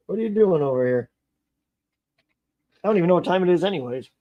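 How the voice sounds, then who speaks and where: A man's voice: high voice, animated, fast, pauses often, mellow, dull audio. A man chatting casually on a live stream while he repairs a model car, rambling, joking and muttering to himself as he works.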